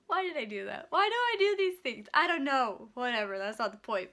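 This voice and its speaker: A store bakery clerk in her twenties tells a storytime vlog animatedly, acting out both sides of a scene. Her voice sits high, and she talks at a moderate pace with few pauses.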